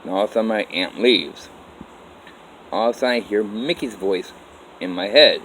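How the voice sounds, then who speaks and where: In a loose, rambling way, a man with a fairly low voice recounts his own life casually in the first person, breaking off and restarting sentences and using "I'm like" to act out what people said. His tone is fairly bright and his pace moderate. The audio is poor, with a faint hiss beneath his voice.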